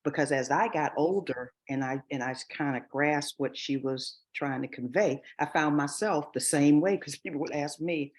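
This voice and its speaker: A woman's voice: low voice, normal speed, few pauses. A woman author being interviewed over a video call, speaking in an earnest, reflective way and often restarting her sentences. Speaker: author and guest. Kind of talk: interview conversation.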